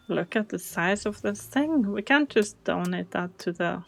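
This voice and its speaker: A woman's voice: mid-range voice, unhurried, gravelly, slight background noise, low-quality recording. A woman hosting a Let's Play, chatting casually and thinking aloud as she plays, often surprised by what she finds. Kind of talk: casual game commentary.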